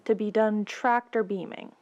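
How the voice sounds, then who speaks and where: A woman's voice: medium pitch, fairly even intonation, moderate pace, darkish tone, highs cut off. A woman telling a rambling, playful comedic movie recap full of sound effects. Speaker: video creator.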